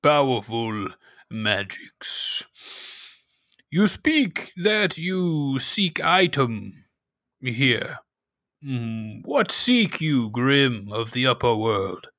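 A solemn underground villager, as a man puts him on in a tabletop game, dragging out each broken phrase. The voice is bright and forward. The sound is dry and close. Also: mid-range voice, sing-song, no echo, exaggerated voice. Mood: ominous. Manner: slow, halting, ominous broken speech. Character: solemn male cave villager speaking broken English.

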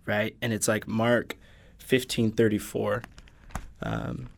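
This male podcast guest has a lowish, creaky voice, a level tone and a slow delivery. In a casual conversation about faith, he earnestly recites long passages of scripture and explains them.

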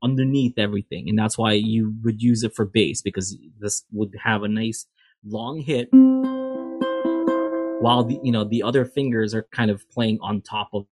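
A man's voice: on the low side, steady tone, normal speed, loud music behind the voice. A man teaching an instrument lesson, explaining playing technique in a loose, rambling way with many fillers and restarts. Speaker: music teacher.

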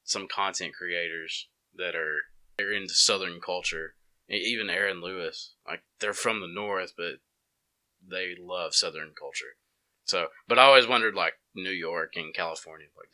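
A man's voice: low-pitched, normal speed, sharp tone. A man from Alabama with an Alabama accent, chatting in an easygoing way and laughing often. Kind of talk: casual chat.

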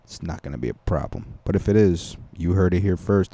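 A young man rambles through a crude comedy podcast monologue, stumbling over fillers and restarts. His voice is deep and mellow, and the recording is dry and close. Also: expressive, normal speed, hardly any pauses, dry recording.

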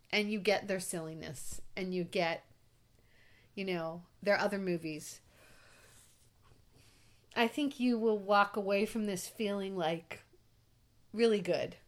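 A woman in her forties co-hosting a casual movie review podcast, chatty and animated, with frequent "like" fillers. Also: medium pitch, takes it slowly, long pauses. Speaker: podcast co-host.

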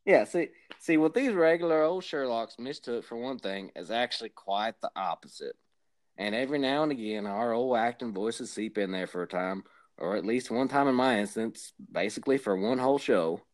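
A man playing a blustery Southern hillbilly podcast host with a drawling Southern accent and deliberately bad grammar. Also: mid-range voice, close to an everyday voice. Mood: rambling. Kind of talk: comedic character banter.

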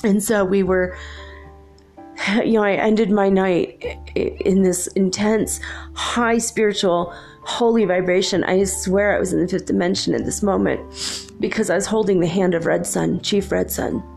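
A woman's voice: mid-range voice, steady tone, normal speed, vocal fry, darkish tone, faint music behind. A woman telling a personal story in a gushing, emotional, rambling way, with many restarts.

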